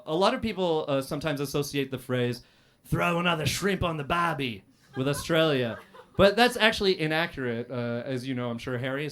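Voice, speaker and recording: A man performing a stand-up roast set on a comedy club stage, dry and deadpan, with many "uh" pauses and sudden loud outbursts. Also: medium pitch, clear, resonant tone.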